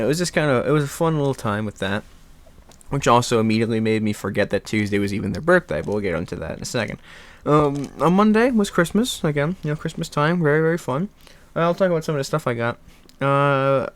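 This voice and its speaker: A young man vlogging in a rambling, animated casual chat, laughing and swearing now and then. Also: medium pitch.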